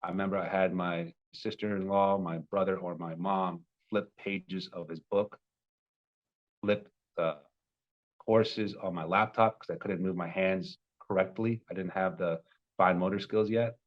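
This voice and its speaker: A man in his twenties, a love coach, telling a personal story with animated, emotional bursts. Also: deep voice, measured pace, dull audio. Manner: emotional, animated retelling with sudden loud peaks.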